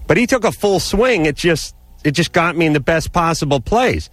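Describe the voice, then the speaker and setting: A man on a radio call-in show, telling a rambling story in a casual, animated way and laughing as he goes. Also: fairly high pitch, moderate pace, no room sound. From Los Angeles area.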